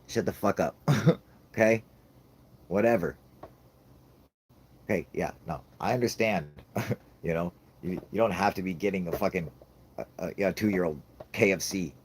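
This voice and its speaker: A man's voice: low-pitched, normal speed, pauses often, darkish tone, slight background noise. A man ranting about his toddler in a casual chat, swearing constantly and laughing at his own jokes. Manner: profane, laughing, rambling comic rant. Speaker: podcast host.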